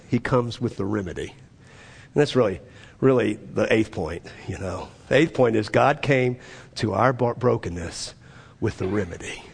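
A male pastor preaching a sermon, emphatic, swinging from urgent high peaks to low, quiet asides. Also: vocal fry, husky. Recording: long reverb of a large hall.

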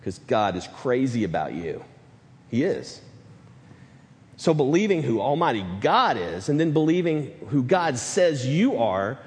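A man delivers a sermon in a sanctuary, building to loud emphatic runs before dropping to a hush. His mid-range voice carries a long reverb tail from the big hall. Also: medium pitch, sing-song, a little slow. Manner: emphatic, swings from loud to hushed. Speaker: pastor.

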